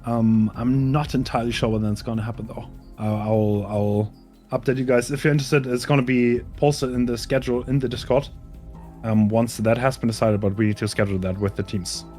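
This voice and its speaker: A man running a tournament speaks fast and businesslike as he wraps up for the day. Faint music plays behind his voice. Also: mid-range voice, fairly even intonation, dark tone. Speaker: tournament organizer. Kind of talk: casual voice chat.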